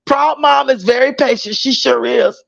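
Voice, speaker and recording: A woman's voice: high voice, normal speed, creaky, dull audio. A woman hosting a casual livestream, chatting with viewers, greeting them by name, using slang. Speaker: livestream host.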